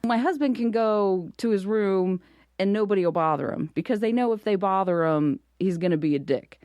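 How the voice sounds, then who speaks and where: A woman comedian in her thirties, a guest on a casual podcast, telling animated stories and laughing often. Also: mid-range voice, moderate pace, dry recording, studio quality. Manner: animated storyteller, laughs often, acts out her kids' voices.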